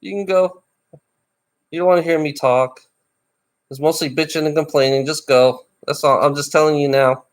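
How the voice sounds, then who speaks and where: A tired middle-aged man livestreaming alone, ranting bitterly and swearing, with rough laughs between complaints. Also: fairly high pitch, steady tone, brisk. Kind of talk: ranting live stream monologue.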